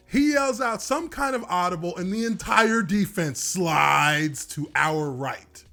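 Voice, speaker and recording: A man, a former football lineman, telling a story from his playing days in an animated way, swearing and laughing now and then. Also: sits high. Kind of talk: storytelling monologue.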